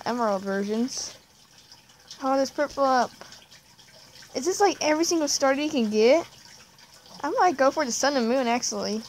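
A gameplay vlogger, a woman with a fairly high voice, chats casually while she plays, giggling often and letting her sentences trail off quietly. There's a little hiss or hum in the audio.

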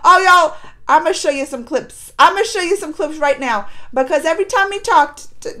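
A woman with a high voice recaps episodes in a casual reaction vlog. She talks in an animated, expressive way, breaking into laughter and exclamations. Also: moderate pace. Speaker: reaction video host.

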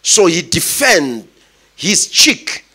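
A man preaching a sermon, telling the story dramatically and bursting into shouts. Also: high-pitched, sing-song, extremely slow, breathy edge.

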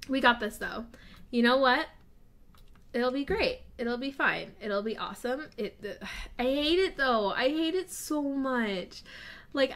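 A woman's voice: fairly high pitch, a bit bright. Giggly nervous young woman. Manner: self-deprecating, nervous, giggly. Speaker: gaming YouTuber. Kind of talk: casual commentary while building. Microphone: desk mic with face cam.

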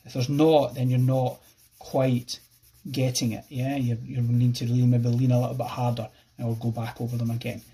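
A man with an Irish accent explaining a pencil drawing step by step as he works, relaxed and thinking aloud. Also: medium pitch, moderate pace, hardly any pauses, slightly rough. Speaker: art teacher. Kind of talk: drawing tutorial narration.

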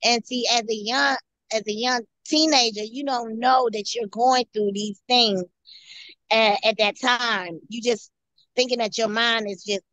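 A woman guest tells her own story in an earnest, halting way, looping back over phrases as she goes. Her voice sits a little high, and the recording is dry with no room sound. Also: fairly even intonation, fairly bright tone, no room sound, highs cut off. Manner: halting, repeats and restarts phrases. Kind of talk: personal testimony.

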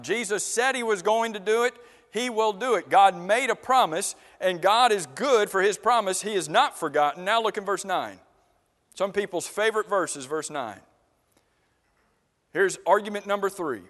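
A man's voice: high-pitched, expressive, normal speed, fairly bright tone. A man preaching a sermon who keeps asking the congregation questions and repeats words for emphasis. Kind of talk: interactive sermon. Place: church sanctuary. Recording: long church reverb.

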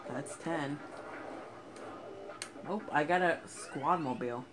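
Over background music, a gamer with a slightly high voice speaks slowly while playing a video game and commenting on it. It's let's play commentary where he's often frustrated and cursing, and the audio is noisy with police sirens and game sounds.

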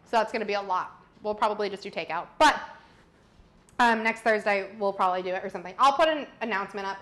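A young woman hosts a live cooking stream, chatting casually and playfully teasing her partner while laughing often. Her mid-range voice is fairly bright and quick.

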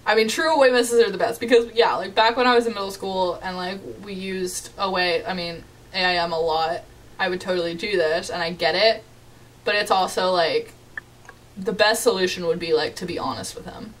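A woman's voice: lowish voice, steady tone, normal speed, far from the mic. Chatty young woman gaming commentator. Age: young adult. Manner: chatty, giggly, playfully dramatic. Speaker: gaming YouTuber. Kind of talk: casual let's-play commentary, reading chat aloud. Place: home bedroom.

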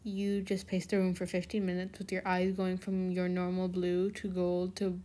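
A woman voicing a gentle, affectionate teenage boy superhero in a fan fiction reading, in soft tender tones. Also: on the low side, completely flat delivery, normal speed, pitched below the performer's own voice, natural voice.

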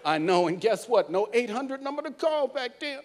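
High-voiced man doing stand-up comedy. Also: normal speed, slight background noise. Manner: animated, acts out characters, laughs along. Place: cruise ship theater stage.

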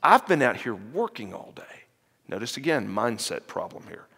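A man giving an animated sermon-style lecture, retelling a parable and voicing its characters, with fillers and restarts. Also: mid-range voice, normal speed, gravelly, husky. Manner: animated, acts out the parable's characters in quoted voices. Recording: long hall reverb.

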